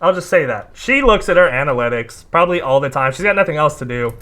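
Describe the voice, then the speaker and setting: Sarcastic male commentator, bright edgy tone, mocking and incredulous. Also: on the high side, expressive, fast talker. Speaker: commentator reacting to a video. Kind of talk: reaction commentary.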